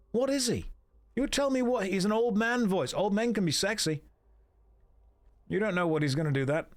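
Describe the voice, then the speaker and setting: A man's voice: high voice, animated, moderate pace. Sarcastic man streaming a game. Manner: sarcastic, joking, answers chat. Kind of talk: casual gameplay commentary to a live chat.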